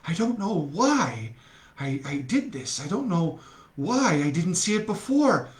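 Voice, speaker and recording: A smitten young man read by a man murmurs his devotion in a soft, slow, earnest voice. The lines come at a very unhurried pace. An echoey room lingers around the reading. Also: high-pitched, very animated.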